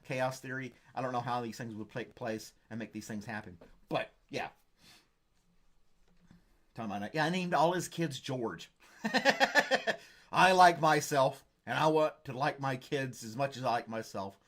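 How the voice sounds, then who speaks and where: A man hosts a casual live stream and chats with viewers. He rambles from joke to joke in a relaxed, offhand way. His voice sits at an ordinary mid pitch. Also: moderate pace. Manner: rambling, jokey, reads viewer comments. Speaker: host.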